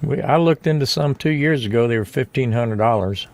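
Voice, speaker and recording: A man's voice: medium pitch, brisk, a little mellow. A man chatting in a matter-of-fact way during a casual group conversation.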